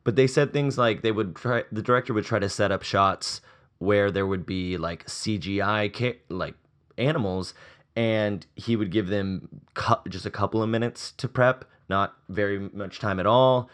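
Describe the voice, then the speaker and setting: A man's voice: on the low side, moderate pace, a bit bright. A man co-hosting a casual movie podcast, telling a story with many fillers.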